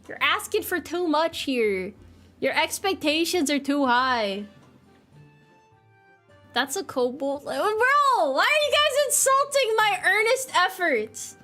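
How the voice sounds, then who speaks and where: A woman's voice: high-pitched, very animated, a little slow, bright, forceful tone, faint music behind. A woman with an American accent streaming casual chat, giggly and self-mocking as she reads chat aloud. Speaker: livestreamer.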